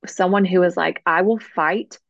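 Woman guest on a faith podcast, low voice, gravelly, earnest storytelling, dull lo-fi recording. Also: steady tone, normal speed, dry recording. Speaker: guest author and coach.

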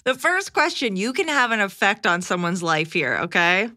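Woman, bright clear voice, podcast co-host, reads listener questions, dry mic. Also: mid-range voice, very animated, no room sound. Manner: quick to laugh, reading listener questions. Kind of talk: casual chat.

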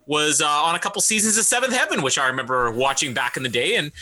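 A man's voice: fairly high pitch, quick pace, sharp tone. A man co-hosting a podcast, chatting casually about a movie and laughing often. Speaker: podcast co-host.

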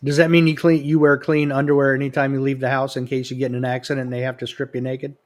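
A man's voice: medium pitch, flat delivery, quick pace. Joking man hosting a podcast. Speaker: podcast host. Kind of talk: casual chat.

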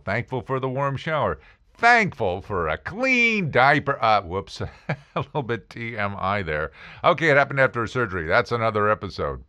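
A middle-aged man hosting a podcast, telling stories in a sarcastic, animated comic monologue. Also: mid-range voice. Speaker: podcast host. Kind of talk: comedic monologue.

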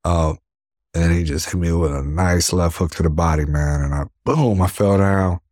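Man, deep low voice, dry close sound, animated storyteller, keeps saying you know what I mean. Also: moderate pace, no echo. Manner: animated storyteller, acts out punches with sound words. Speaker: professional boxer, interview guest. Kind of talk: casual interview storytelling.

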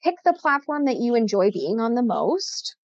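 A chatty, upbeat woman with a slightly higher voice talks through content tips as an interview guest. Her tone is a bit sassy. The sound is dry and slightly dull. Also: sing-song, normal speed, no echo. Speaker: podcast guest, content coach. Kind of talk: casual interview chat.

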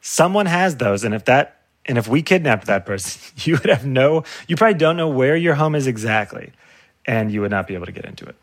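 A man's voice: mid-range voice, sing-song, brisk, dry recording, studio quality. A male comedian in a casual chat, laughing often as he riffs and acts out silly voices. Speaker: comedian guest.

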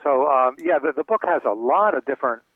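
A man's voice: mid-range voice, fairly quick, no echo. An older man, an author being interviewed, telling stories and acting out the voices of the people in them. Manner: animated storyteller acting out quoted voices. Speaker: author and guest. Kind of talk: storytelling interview answers. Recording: tinny phone line, dry.

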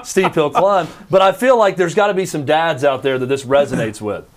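Brisk and on the high side, this man's voice belongs to a radio talk show host in his thirties. He rambles through self-mocking anecdotes in casual banter, pressing his points with emphatic insistence.

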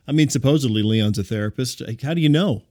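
A man hosting a comic audio show, telling rambling neighborhood stories in a dry, deadpan way with wry asides. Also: medium pitch, quick pace. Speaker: host.

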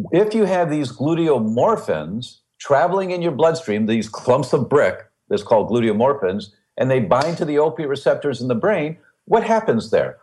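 A middle-aged man speaks as a podcast guest, explaining things the way a teacher would. His pitch is in the middle of the range, but it swings widely and with energy as he builds vivid analogies and repeats his key points. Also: a little mellow. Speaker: guest expert on gluten and health.

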